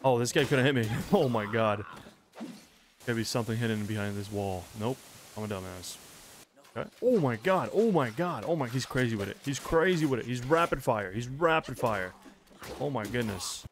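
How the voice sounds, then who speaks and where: Excitable young man streaming a game. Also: medium pitch, moderate pace, a little hiss or hum. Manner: excitable, swearing, shouting reactions. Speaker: gaming streamer. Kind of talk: let's play commentary. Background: game music.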